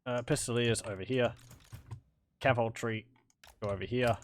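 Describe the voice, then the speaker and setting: A man's voice: mid-range voice, fairly even intonation, moderate pace, slight background noise. A man giving casual, wry let's-play commentary on a strategy game, chatting and laughing along.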